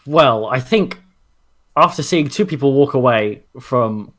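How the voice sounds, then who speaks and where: A young man taking part in a tabletop game, calm and measured. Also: mid-range voice. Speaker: player.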